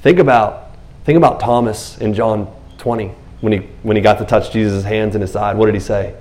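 A man preaching a sermon in an animated, conversational way, often acting out scenes in quoted voices. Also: fairly low pitch, brisk. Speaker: pastor.

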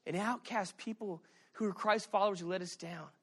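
A middle-aged male pastor preaching a sermon, telling stories with animated energy and shouting at the high points. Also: brisk, slightly rough. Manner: animated storytelling, shouting at peaks.

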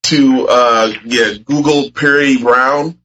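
A man's voice: mid-range voice, steady tone, slow, a bit bright, lo-fi sound. A man on a podcast panel, blunt and joking, swearing casually.

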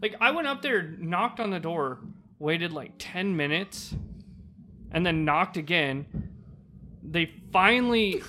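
Profane, animated man telling stories. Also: high voice, slow pace, pauses often, a little hiss or hum. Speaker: podcast co-host. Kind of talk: casual podcast chat.

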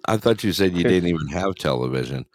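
Man, casual show host, low voice, lively pitch, faint background noise. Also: brisk. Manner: joking, animated, greets guests by name. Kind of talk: casual chat on a live online show.

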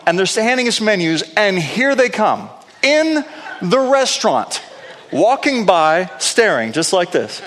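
A male pastor telling a story in a sermon, animated, with playful asides. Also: high-pitched. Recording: long reverb of a large hall.

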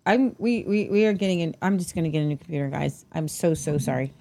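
A woman's voice: low-pitched, quick pace, vocal fry, mellow, slight background noise. A woman co-hosting a casual news talk show, chatty and tripping over foreign place names. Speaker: co-host.

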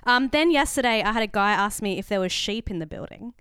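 A woman's voice: medium pitch, fast, clean tone, no room sound, studio quality. A young Australian woman co-hosting a podcast, chatting casually and telling stories full of "like" and "um". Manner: chatty, animated storytelling with acted-out quotes; frequent "like" and "um" fillers. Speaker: podcast co-host. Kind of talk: casual chat.

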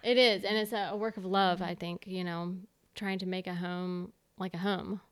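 A woman's voice: lowish voice, fairly even intonation, normal speed, clean tone, no echo. A young adult woman hosting a podcast at her home, talking in a bubbly, casual way with many fillers. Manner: bubbly, lots of "like" and "you know". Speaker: podcast host. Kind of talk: casual interview chat.

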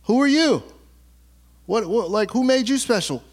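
Male pastor, very high voice, animated and colloquial sermon delivery. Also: a little slow. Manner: animated, conversational, colloquial storytelling.

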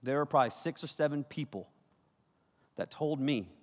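A man preaching a youth sermon, energetic and conversational, with sudden loud bursts. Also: mid-range voice, normal speed. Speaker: youth pastor. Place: large auditorium. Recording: reverberant hall.

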